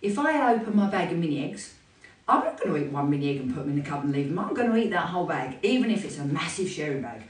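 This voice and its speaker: A fitness instructor, chatting candidly and with animation about self-care. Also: female voice, sits low, very animated, quick pace. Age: 50s. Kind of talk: casual talk to camera. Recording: roomy, voice from a distance.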